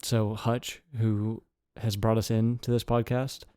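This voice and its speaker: Rambling jokey podcast host. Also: male voice, lowish voice, flat delivery, unhurried, mellow, clean tone, dry recording, studio quality. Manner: rambling, jokey, full of fillers. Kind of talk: casual chat.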